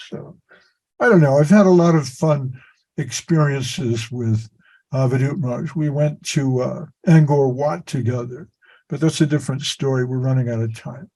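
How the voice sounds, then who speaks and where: A man's voice: mid-range voice, moderate pace, mellow, rough recording. A man telling a meandering, self-deprecating story on a video call as a spiritual teacher. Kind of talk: anecdotal storytelling.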